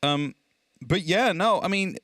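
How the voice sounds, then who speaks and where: A young man casting an esports match, chatty and energetic, laughing easily. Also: high voice, slow pace, dry recording. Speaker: esports caster. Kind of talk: esports commentary.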